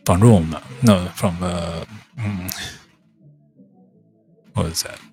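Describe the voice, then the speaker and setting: A man's voice: low-pitched, drawn-out words, dark tone, faint music behind. A man talking casually to himself in a vlog, thinking aloud, trailing off and restarting with lots of fillers.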